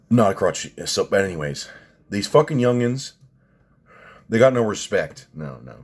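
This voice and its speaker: A man's voice: rumbling low, breathy edge. A man in his thirties ranting sarcastically in a casual vlog, swearing often. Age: 30s. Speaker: vlogger.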